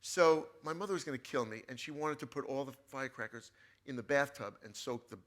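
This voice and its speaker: A man, a guest author, telling a personal story in casual chat, animated and often restarting his sentences. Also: medium pitch, fairly quick.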